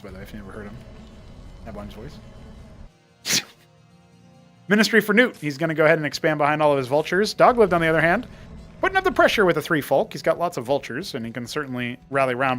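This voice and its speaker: Chatty, excitable male tournament caster. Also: a little high. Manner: chatty, rambling asides, excitable during fights. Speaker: esports caster. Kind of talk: live tournament play-by-play commentary.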